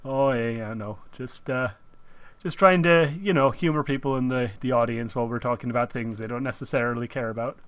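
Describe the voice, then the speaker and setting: A man's voice: mid-range voice, a little fast, clean tone, dry recording. A man hosting a casual chat show, talking in a playful put-on Minnesotan accent with many fillers. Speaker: podcast host.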